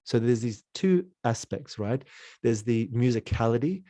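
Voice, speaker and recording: A man's voice: medium pitch, lively intonation, unhurried, dark tone, dry recording. A man teaching an online creativity lesson in a playful, exploratory way, jumping into sounds and voices.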